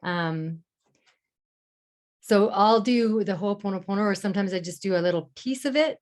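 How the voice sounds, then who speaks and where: A woman hosting a live online masterclass as a mentor, explaining in an encouraging way and speaking mantras softly and slowly. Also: mid-range voice. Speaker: love mentor and masterclass host.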